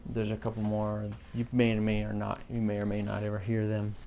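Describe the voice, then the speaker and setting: A man's voice: on the low side, completely flat delivery, a little fast, vocal fry, mellow, highs cut off. Podcast host, male, offhand and self-mocking, slight hiss under a home mic. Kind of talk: rambling solo podcast chat.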